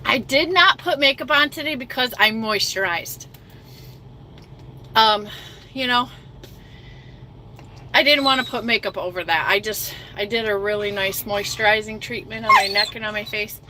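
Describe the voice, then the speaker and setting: A woman's voice: a little high, normal speed, pauses often, bright, forceful tone, a little hiss or hum. A middle-aged woman trucker hosting a casual livestream chat, self-mocking and reading viewer comments aloud.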